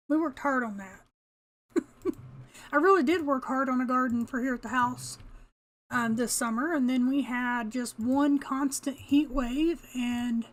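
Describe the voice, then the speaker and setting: An older woman talking casually to herself as she plays a video game, laughing often and cursing mildly at the game's creatures. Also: high-pitched. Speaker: gamer. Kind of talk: casual gameplay commentary.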